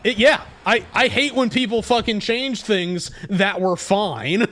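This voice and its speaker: A young man streaming a game and ranting to chat, profane and quick to anger. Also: sits high, fairly bright tone. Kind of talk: casual gaming stream chat.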